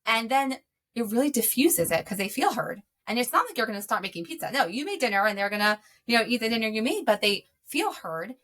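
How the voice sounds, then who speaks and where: A woman's voice: a little high, very animated, brisk, fairly bright tone. A woman speaking as a guest, explaining self-regulation for parents in an earnest, conversational way with frequent ums. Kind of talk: conversational advice.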